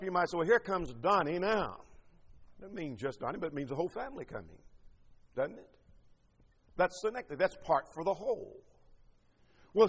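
A man's voice: sits high, in a large hall. A man preaching a sermon, teaching emphatically through rhetorical questions and scripture quotations.

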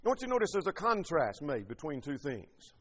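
A man's voice: a little high, huge pitch swings, a little fast, fairly bright tone, husky, long reverb tail. A man preaching a sermon, teaching emphatically through rhetorical questions and scripture quotations.

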